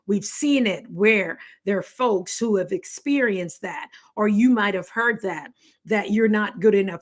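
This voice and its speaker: A middle-aged woman from the Caribbean chatting casually on a live stream, laughing often and talking with lively energy. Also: medium pitch. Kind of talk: casual chat.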